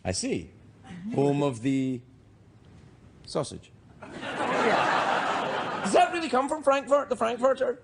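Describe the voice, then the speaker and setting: A man's voice: very high voice, very animated, takes it slowly, creaky, long pauses. A man with a Scottish accent hosting a late-night talk show, teasing audience members with playful, mock-serious banter. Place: TV studio with live audience. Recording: loud audience laughter and noise.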